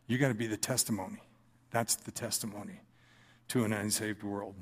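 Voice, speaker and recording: A man's voice: on the low side, fairly even intonation, a little fast. A man giving an earnest, conversational personal testimony from the front of a church congregation, with touches of dry humor.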